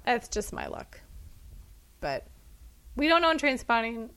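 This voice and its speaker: Casual podcast co-host, woman, animated delivery with plenty of vocal fry. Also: fairly high pitch. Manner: animated and chatty, quick laughs. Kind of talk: casual chat.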